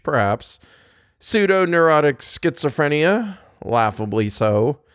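A man's voice: mid-range voice, dry recording, clean studio sound. A man voicing a chatty salesman who talks in a matter-of-fact way. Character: chatty male salesman on the phone.

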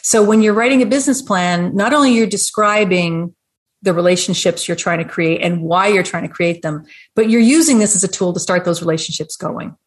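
A woman's voice: on the low side, brisk. A woman who consults and teaches, giving a friendly, explanatory talk in a webinar conversation. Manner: explanatory, friendly, laughs now and then. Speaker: restaurant business consultant and educator.

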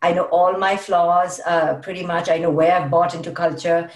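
A woman's voice: fairly low pitch, flat delivery, moderate pace, distant mic. Emphatic woman speaking from off-mic. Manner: emphatic, repeats words for stress. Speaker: guest speaking on parenting. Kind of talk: conversational podcast talk. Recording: roomy sound, voice off-mic.

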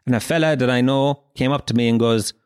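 A man's voice: mid-range voice, fast talker, darkish tone, clean tone, dry recording, clean studio sound. Rambling Irish man hosting a comic podcast. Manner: rambling, profane, jokey storytelling. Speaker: podcast host. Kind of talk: comic monologue.

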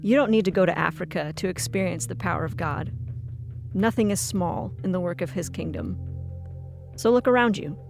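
A narrator reading a scripted devotional segment in a calm, reflective, inviting way. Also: medium pitch, moderate pace, vocal fry, soft background music. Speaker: program narrator.

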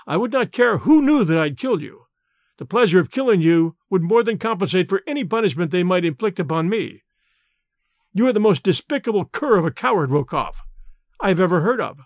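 A man's voice: sits high, no room sound, clean studio sound. A man reading the part of a powerful, wild-raised hero who threatens coldly. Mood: menacing. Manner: cold, threatening.

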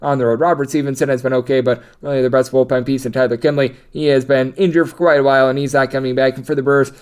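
A man's voice: medium pitch, little pitch movement, quick pace, darkish tone, clear, resonant tone. A man giving a sports betting preview, rattling off statistics, odds and picks in long strings of numbers. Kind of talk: rapid stat-heavy betting preview.

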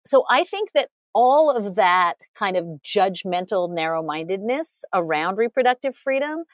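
A woman guest on an interview lays out her view in long, articulate runs, earnest and quick, sprinkled with "you know" and brief laughs. Her voice sits at an ordinary middle pitch. The recording is close and dry. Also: lively intonation, no echo. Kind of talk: conversational analysis.

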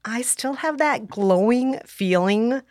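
A woman co-hosting a podcast, expressive and self-deprecating, with exasperated groans. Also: fairly high pitch, slow pace, dry recording, clean studio sound. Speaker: podcast co-host. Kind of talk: casual chat.

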